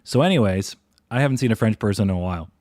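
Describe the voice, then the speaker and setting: A man's voice: lowish voice, lively intonation, racing, a little mellow, no room sound, studio quality. A man hosting a live stock trading stream, rambling casually and thinking aloud. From Canada. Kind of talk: live stream chart commentary.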